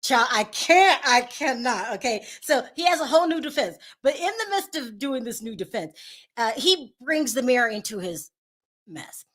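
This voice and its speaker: Sassy high-voiced woman dishing gossip. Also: very animated, moderate pace, a bit bright. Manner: sassy, exasperated, breaks into laughter. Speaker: channel host. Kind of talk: gossip commentary.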